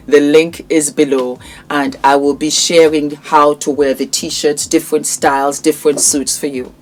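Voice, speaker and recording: A woman presenting her own products in a casual vlog, gushing and calling her viewers endearing pet names. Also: low-pitched. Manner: effusive, showers viewers with endearments.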